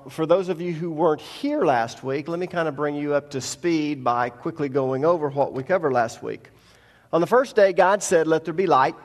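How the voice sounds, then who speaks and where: A man's voice: on the high side, big-room sound. A man teaching a Bible lesson to a congregation, explaining each point plainly and step by step. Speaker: pastor.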